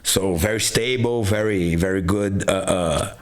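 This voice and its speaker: A man's voice: low-pitched, measured pace. A man from Rio de Janeiro with a Brazilian Portuguese accent, a guest on a casual podcast, telling a story with lots of "blah, blah" and acted-out dialogue. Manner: animated storyteller, acts out dialogue, fills with "blah, blah". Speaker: guest, jiujitsu instructor. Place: garage podcast studio.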